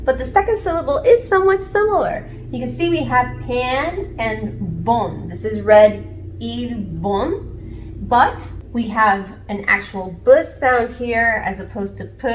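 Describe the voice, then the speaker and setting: A Puerto Rican woman with a somewhat high voice and a slight hiss or hum gives a casual video lesson at a whiteboard indoors, with the camera framing her there. She teaches her viewers as an online language learner, chatty and encouraging, and pokes fun at herself along the way.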